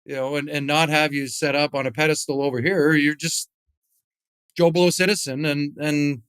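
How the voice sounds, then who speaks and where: A middle-aged man chats as a podcast guest with a smooth, clean voice that sits a little high. He rambles, restarts, and leans on fillers as he tells stories. The recording is dry and close. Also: little pitch movement, normal speed, a bit bright, dry recording. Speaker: podcast guest, retired hockey player and whisky founder. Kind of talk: casual interview storytelling.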